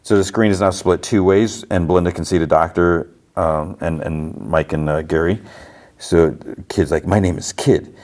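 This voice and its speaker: A man's voice: sits low, fairly even intonation, normal speed, a little mellow. A man hosting a podcast, casually recapping a TV episode in a rambling way with lots of "like" and fillers. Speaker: podcast host.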